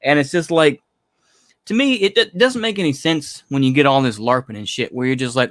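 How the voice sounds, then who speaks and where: A man's voice: mid-range voice, a little fast, fairly bright tone, dry recording, clean studio sound. A man delivering a blunt, profane opinion monologue in a casual, rambling way, with lots of filler phrases. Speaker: commentary channel host.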